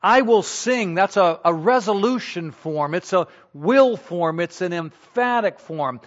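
A man preaching a sermon, teaching slowly and deliberately and repeating key points for emphasis. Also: high voice, animated, muffled recording. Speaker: pastor.

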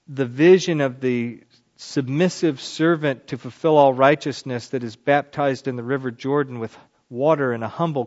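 A man's voice: medium pitch, dull audio. A man preaching a sermon, explaining a psalm and reading scripture aloud with rising emphasis.

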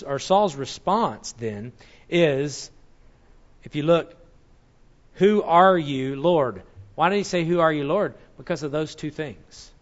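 A man preaches a teaching sermon, walking listeners through scripture. He explains step by step and stops now and then to correct a slip. His voice sits a little high, and the recording is muffled and lo-fi. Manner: explanatory, corrects himself mid-sentence. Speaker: Bible teacher.

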